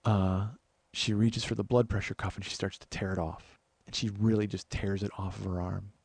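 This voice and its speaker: A man's voice: low-pitched, flat delivery, moderate pace, vocal fry, a little mellow, breathy edge, no echo. A man hosting a comedy podcast, telling a long story in a rambling, conversational way. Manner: rambling, conversational, many fillers. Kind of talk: storytelling monologue.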